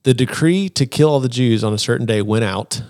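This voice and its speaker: A man's voice: mid-range voice, dry recording. Guy podcast host telling a bible story, jumps into little character voices, pretty dry close sound. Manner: animated, acts out characters' lines in quick voices. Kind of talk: casual chat retelling a Bible story.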